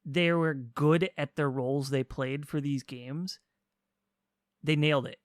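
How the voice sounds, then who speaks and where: A man in casual podcast chat, his voice sitting a little high for a man. He retells things animatedly, slipping into quick acted-out lines. The sound is dry and close, with no room around it. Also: no room sound. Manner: animated storytelling, acts out characters' lines. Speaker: podcast co-host explaining a game.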